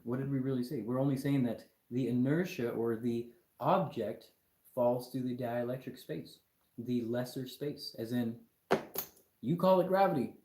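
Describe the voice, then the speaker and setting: A man's voice: medium pitch, moderate pace, dark tone, reverberant. A young man hosting a live stream, lecturing his chat viewers in an argumentative, mocking way. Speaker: livestream host.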